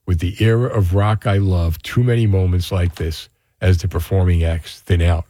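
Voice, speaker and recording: Male call-in radio host, low and mellow, dry studio mic, chatty and reflective. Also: fairly even intonation, normal speed, no room sound. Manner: chatty and reflective, drifting into musings. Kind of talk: casual call-in radio talk. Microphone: studio microphone.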